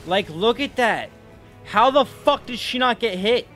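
A man's voice: very high-pitched, unhurried, soft background music. A man giving casual gameplay commentary, swearing and trash-talking the bosses. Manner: profane, excitable, trash-talks bosses. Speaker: gaming video creator.

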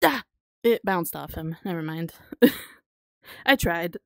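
A woman game streamer chatting through her play session, excitable and quick to laugh. She swears freely and talks at an unhurried pace. Her voice sounds dry and close, with no room echo. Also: fairly low pitch, creaky. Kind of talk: casual live gameplay commentary.

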